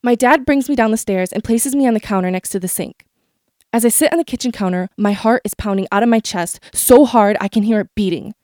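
A woman's voice: medium pitch, brisk, darkish tone, no echo, clean studio sound. A woman telling a personal story from her childhood in a vivid, dramatic way.

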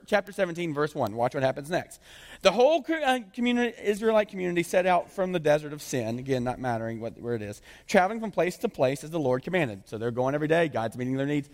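A man preaching a sermon in a conversational, animated way that often drops to a low, intense voice. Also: fast, long reverb tail. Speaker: pastor.

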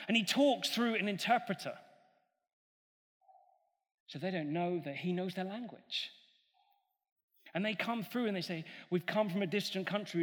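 Man, preacher, high voice, animated storytelling, sermon, long echoing hall. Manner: animated, acts out the characters' voices.

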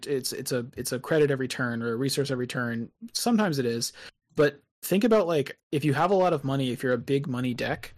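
Chatty man thinking aloud about games. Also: medium pitch. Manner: thinks aloud with many restarts and hedges. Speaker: podcast co-host. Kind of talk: casual card game discussion.

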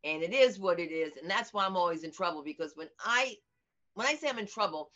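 A middle-aged American woman comedian and teacher, telling stories in an animated, outspoken way during an interview. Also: on the low side, brisk. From United States. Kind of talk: conversational interview over video. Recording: dull lo-fi audio.

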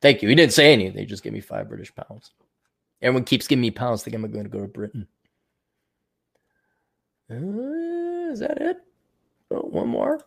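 A man's voice: medium pitch, big pitch swings, moderate pace, creaky, pauses often. A man hosting a casual livestream, reading out donations and rambling in a crude, self-mocking way.

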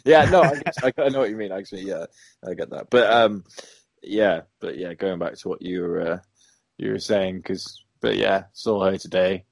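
A man's voice: sits low, moderate pace, gravelly, no room sound. A man chatting casually with a friend and laughing easily. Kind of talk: casual chat.

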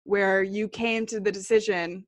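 A woman's voice: medium pitch, steady tone, unhurried, no room sound. A woman hosting an interview, asking friendly, upbeat questions and laughing easily. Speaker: interview host.

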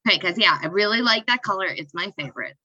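A woman's voice: medium pitch, lively intonation, quick pace, pushed and bright, breathy edge, no echo, highs cut off. A woman co-hosting a casual sports podcast, playful and jokey, laughing at her own quips. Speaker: podcast co-host.

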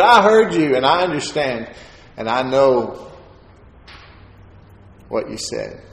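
A man preaching his personal testimony, telling the story with lively acted-out voices. The recording has a long, ringing echo of a large hall and a faint room hum behind him. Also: medium pitch, slow, long pauses. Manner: animated storyteller, acts out quoted voices with laughter. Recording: echoey hall with faint ambience.

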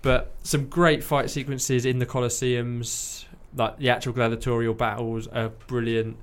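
A man of middle pitch hosting a film podcast. He talks casually and with enthusiasm, drifting through asides with plenty of fillers and the occasional swear word. His delivery stays loose and conversational. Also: little pitch movement, normal speed, smooth. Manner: chatty and enthusiastic, sprinkled with fillers and mild swearing. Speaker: podcast host reviewing a film. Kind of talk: casual chat.

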